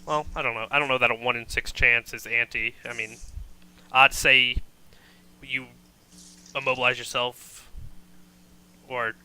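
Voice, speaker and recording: A man's voice: mid-range voice, fairly even intonation, a little slow, pauses often, sharp tone, clean tone, no room sound, poor audio. A man co-hosting a live show, chatting casually about tabletop wargame rules, skeptical and teasing, full of "like" and loose phrasing. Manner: skeptical, teasing, many "like" fillers. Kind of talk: casual gaming chat.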